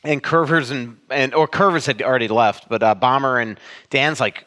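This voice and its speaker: A man from Florida tells a rambling, lively anecdote as a podcast co-host. His pitch sits mid-range for a man. The sound hangs in a long, reverberant hall. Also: moderate pace. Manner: meandering, animated anecdote-telling. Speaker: sports writer and co-host. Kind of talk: casual podcast chat.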